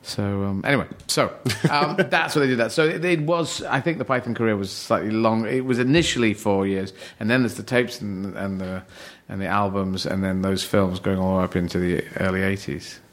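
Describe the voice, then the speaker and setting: A man's voice: on the low side, fairly quick, few pauses. Rambling, laughing English comedian man. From England. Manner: rambling, laughing, restarts often. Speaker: comedian guest. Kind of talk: casual podcast chat.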